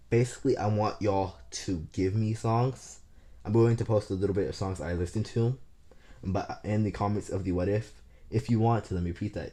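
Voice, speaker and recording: A man's voice: deep voice, mellow. A man rambling through an unscripted fan story, stammering, restarting and cursing casually.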